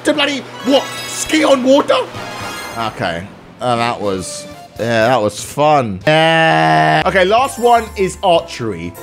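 A young man giving loud, swearing let's-play commentary, breaking into excited shouts. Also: a little high, slow pace, vocal fry. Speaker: gaming YouTuber. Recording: game music behind the voice.

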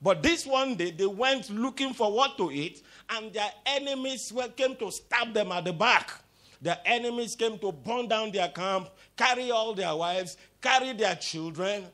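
High-voiced emphatic male preacher. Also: animated, measured pace. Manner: emphatic and repetitive, bursting into loud exclamations; coaxing the congregation to answer back. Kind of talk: sermon with call-and-response.

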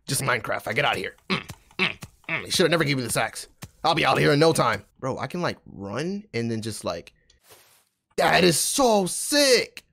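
A young man giving excitable, trash-talking commentary while playing a video game. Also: mid-range voice, moderate pace, gravelly. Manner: excitable, trash-talking, swings from mumbling to shouting. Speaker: gaming YouTuber. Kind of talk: gameplay commentary.

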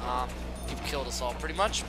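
A man hosting casual gameplay commentary at home late at night, excitable, goofy and full of jokes. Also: medium pitch, fairly quick, loud music behind the voice, low-quality recording. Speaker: gaming host. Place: home gaming setup at night.

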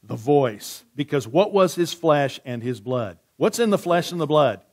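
Conversational pastor preaching to a congregation. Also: male voice, a little high, lively intonation. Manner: conversational, asks the room questions and answers back; reads scripture slowly and softly. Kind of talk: sermon with Bible reading and questions to the congregation.

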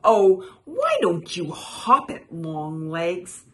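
A woman's voice: fairly low pitch, huge pitch swings, extremely slow, full character voice. A woman doing a grumpy, bellowing toad. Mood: indignant. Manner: loud indignant bellowing. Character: grumpy bragging male toad.

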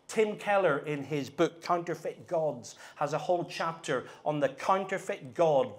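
A middle-aged man preaching a sermon at a conference, earnest, moving between hushed and emphatic delivery. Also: fairly high pitch, lively intonation, a little slow, few pauses. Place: conference hall.

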